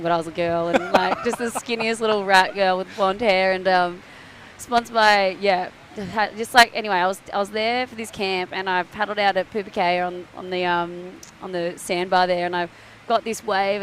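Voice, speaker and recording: A young Australian woman, a surfer, chatting casually on a live broadcast, telling stories with lively acted-out quotes and laughter. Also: medium pitch, a little hiss or hum. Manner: bubbly storyteller, acts out quoted voices, laughs often. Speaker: surfer commentator. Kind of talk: casual chat. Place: outdoors at a beach event.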